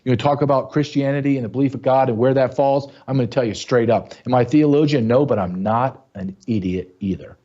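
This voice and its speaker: A man hosting his own show, delivering a blunt, angry commentary monologue that keeps rising into sharp outbursts. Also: mid-range voice, quick pace, hardly any pauses, lo-fi sound. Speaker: show host.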